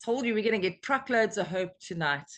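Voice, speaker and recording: An American woman leading a recovery meeting on a video call, talking in an earnest, emotional and animated way. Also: mid-range voice, a little fast. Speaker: meeting leader.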